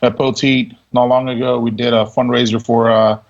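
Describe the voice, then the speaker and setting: Man, podcast guest, casual storytelling, gravelly, lo-fi sound. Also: medium pitch, flat delivery, normal speed. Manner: laid-back, laughs as he tells stories. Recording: dull lo-fi audio.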